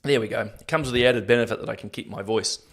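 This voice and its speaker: A man's voice: fairly low pitch, fast talker, a bit bright. A man hosting a casual solo commentary show, talking to viewers in a rambling, self-deprecating way with many fillers and restarts.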